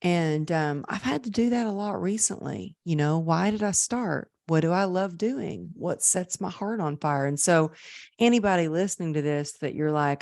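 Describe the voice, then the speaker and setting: A woman guest on a podcast, telling personal stories in a lively conversational way. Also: sits low, moderate pace, no room sound, studio quality. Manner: lively, acts out quoted voices. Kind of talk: conversational storytelling.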